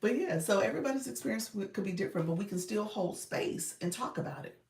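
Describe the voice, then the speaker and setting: A woman's voice: mid-range voice, animated, quick pace, darkish tone, distant mic. A woman coach, hosting a casual live stream, reading viewer comments and laughing often as she calls out to "y'all". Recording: echoey room, voice a bit off-mic.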